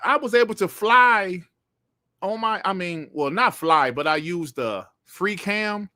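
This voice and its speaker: A man's voice: sits high, lively intonation, measured pace, pushed and bright, no room sound, studio quality. A middle-aged man hosting a casual livestream, talking in a laid-back, slangy and profane way. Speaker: host.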